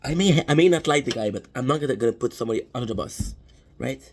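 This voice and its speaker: A man's voice: mid-range voice, lively intonation, fast talker, a little mellow, poor audio. A young man talking to camera as he eats, telling a personal story in a rambling, profane way with many restarts. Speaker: vlogger. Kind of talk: casual storytelling while eating.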